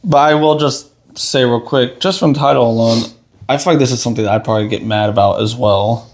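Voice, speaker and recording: A man's voice: medium pitch, brisk. A young man co-hosting a podcast, chatting casually in a laid-back, teasing way and laughing easily. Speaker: podcast co-host. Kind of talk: casual chat.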